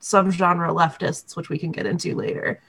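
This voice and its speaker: A woman in her thirties, a podcast guest chatting casually with a wry, deadpan manner and lots of fillers. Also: on the low side, moderate pace, creaky, a crowd in the background. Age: 30s. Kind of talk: casual chat.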